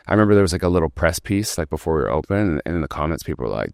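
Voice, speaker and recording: A man's voice: low voice, lively intonation, fast, hardly any pauses, darkish tone, dry recording, studio quality. A man, telling his startup story as a podcast guest in a rambling, casual way, full of "like" and the odd swear word.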